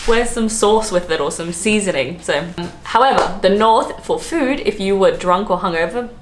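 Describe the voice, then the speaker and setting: A hungover Australian woman chatting casually to camera as a travel vlogger, full of fillers and quick laughs. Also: mid-range voice, lively intonation. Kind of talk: casual vlog chat. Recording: roomy echo, faint background noise.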